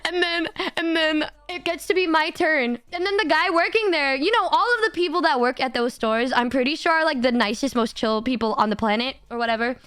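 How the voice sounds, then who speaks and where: High-voiced, giggly young woman streamer. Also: brisk, hardly any pauses, no room sound. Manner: animated, giggly, swears a lot. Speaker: livestreamer. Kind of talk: casual storytelling chat.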